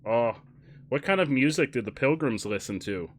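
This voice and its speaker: A man's voice: medium pitch, expressive, normal speed. A man chatting casually on a live stream, telling dad jokes, laughing often and correcting himself as he rambles. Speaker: game streamer.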